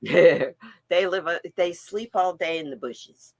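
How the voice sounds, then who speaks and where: A woman's voice: fairly low pitch, slow pace, no room sound, poor audio. An older woman hosting a live stream, chatting casually and acting out voices in her stories. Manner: animated storyteller, acts out voices in her anecdotes. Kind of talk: casual chat.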